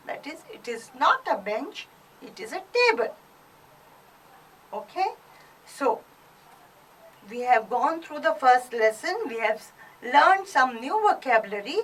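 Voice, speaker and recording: A woman with an Indian English accent teaches beginners French, taking her time over each word. Her voice sits high and moves up and down a lot as she drills. She sounds set back from the microphone. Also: a bit bright, recorded from a distance, low-quality recording. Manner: slow, deliberate teacher drilling pronunciation. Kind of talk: recorded online class.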